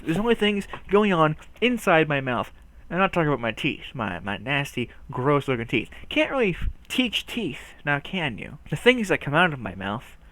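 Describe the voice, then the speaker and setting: A man's voice: a little high, a bit bright. A young man rambling through a casual video, goofy and self-mocking, often stumbling and restarting his words. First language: English. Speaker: video host.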